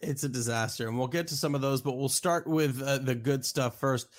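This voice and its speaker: Dad hosting a baseball podcast, animated, acts out both sides of little back and forths. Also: male voice, mid-range voice, brisk. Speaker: podcast host. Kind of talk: casual podcast chat about pitching stats.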